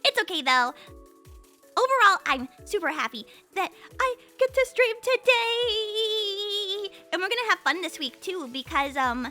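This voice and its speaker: A woman's voice: very high-pitched, big pitch swings, measured pace, bright, forceful tone, faint music behind. A young woman VTuber chatting casually with her stream chat, rambling and playful with many fillers.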